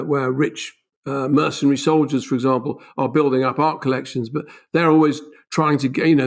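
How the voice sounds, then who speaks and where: A man, an author and podcast guest, explaining animatedly with emphatic rises on key points. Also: mid-range voice. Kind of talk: conversational explanation.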